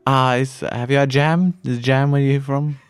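A man's voice: medium pitch, steady tone, a little slow, smooth, dry recording. Offhand joking man at a game table. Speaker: player. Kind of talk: casual chat.

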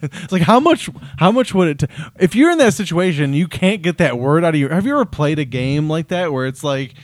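A man's voice: a little high, expressive, fairly quick, no room sound, clean studio sound. A man co-hosting a comedy podcast, riffing in casual banter and acting out quotes between laughs.

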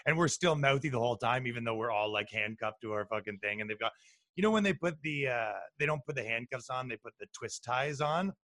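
A man's voice: mid-range voice, quick pace, no echo. A man chatting casually on a podcast, telling rowdy anecdotes with lots of swearing. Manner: profane, animated storyteller. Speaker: podcast guest, touring ska musician. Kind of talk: casual chat, storytelling.

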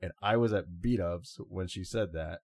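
A man's voice: sits low, moderate pace, darkish tone, no room sound, clean studio sound. A man co-hosting a podcast, telling a long story in a rambling, laid-back way with lots of fillers. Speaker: podcast co-host. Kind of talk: casual storytelling chat.

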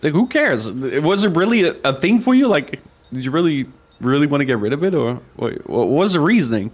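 A man who is a podcast guest, speaking offhandedly and trailing off quietly. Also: a little high, big pitch swings, a little fast. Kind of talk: casual chat.

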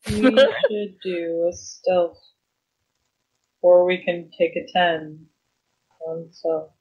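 A woman playing a tabletop game, talking slowly, trailing off and swearing casually. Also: on the low side, darkish tone, husky. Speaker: player. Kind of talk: casual chat at a gaming table. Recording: dull lo-fi sound.

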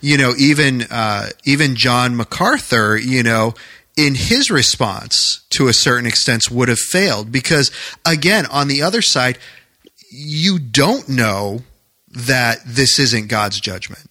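A man's voice: medium pitch, expressive, a little slow, pushed and bright, no room sound. A man hosting a casual talk about faith, earnest and searching, with frequent fillers.

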